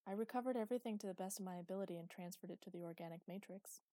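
A woman reading the part of a male cyborg who answers clearly and calmly. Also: mid-range voice, very fast, dry recording, lightly acted. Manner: clear and calm.

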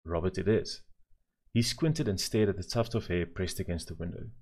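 A man narrating a children's story in a measured, gently expressive way. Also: low voice, slightly rough.

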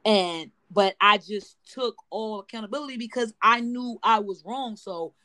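A woman's voice: mid-range voice, normal speed, bright, forceful tone, no echo. Woman rambling through a casual story. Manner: storytelling, rambling with many fillers. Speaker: podcast co-host. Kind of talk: casual chat.

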